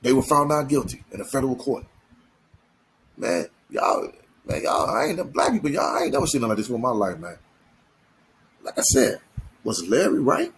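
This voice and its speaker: Guy w ranting on his channel, lively swingy pitch, repeats himself a lot. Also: normal speed, long pauses, breathy edge, rough recording. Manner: emphatic, repetitive, slangy, many restarts. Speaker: commentary channel host. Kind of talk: opinionated commentary monologue.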